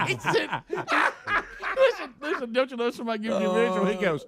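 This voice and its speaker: A man's voice: sits high, huge pitch swings, unhurried, a crowd in the background. A man hosting a radio show, telling a story with lots of laughter and repeated "I said". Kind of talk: morning radio banter and storytelling.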